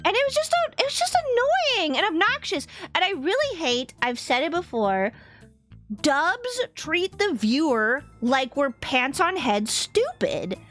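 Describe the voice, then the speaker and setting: A young woman chats with her stream viewers in a high voice that leaps up and down all the time. She is animated and laughs often, and faint game music plays softly behind her. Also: unhurried. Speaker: vtuber streamer. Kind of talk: casual livestream chat.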